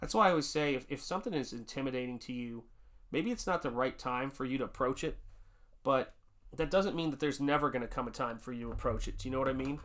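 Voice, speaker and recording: A man's voice: medium pitch, fast talker, fairly bright tone. A middle-aged man from the United States hosting a casual live stream, chatting and reading viewer comments while he paints, rambling with restarts in a chummy way. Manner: rambling, restarts, reads chat aloud, chummy. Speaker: livestream host painting and chatting.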